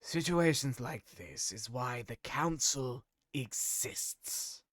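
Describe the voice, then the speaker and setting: A man's voice: mid-range voice, lively intonation, takes it slowly, fairly bright tone, dry recording, studio quality. A man voicing a bird-folk council member, prim and formal, with a slightly haughty manner. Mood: reproachful.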